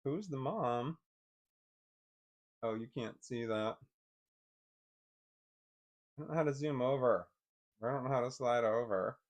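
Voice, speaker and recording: Pausing often at a measured pace, a medium-pitched man vlogger fumbles with zooming a picture on his computer. He rambles, swears a lot, and mutters in frustration while thinking aloud to viewers in casual screen-share commentary.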